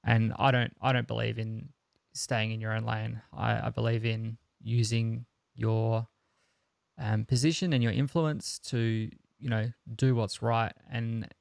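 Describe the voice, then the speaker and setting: A man co-hosting a tech podcast in casual chat. His voice is gravelly and his delivery is fairly flat, earnest and opinionated, full of ums and restarts. The sound is close and dry. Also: medium pitch, measured pace, dry recording. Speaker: podcast co-host.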